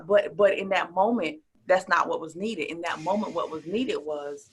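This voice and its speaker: A woman guest in an interview, telling stories and acting out quotes, her voice swinging from soft near-whispers to loud exclamations. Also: lowish voice, normal speed. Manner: animated storyteller who acts out quotes, dropping to a whisper and rising to near shouts. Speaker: interview guest, speaker and coach. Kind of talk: casual interview chat.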